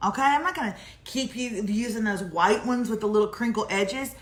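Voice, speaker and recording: A chatty woman in her forties co-hosts a casual live morning show and spins animated stories. Her voice sits a bit high. The room gives it a noticeable echo. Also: a little fast. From Texas. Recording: echoey room.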